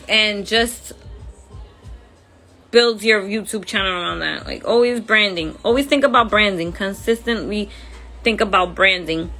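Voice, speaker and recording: A woman with accented English runs a casual phone livestream, friendly and talkative and using plenty of informal slang. Her mid-range voice sounds pushed and bright.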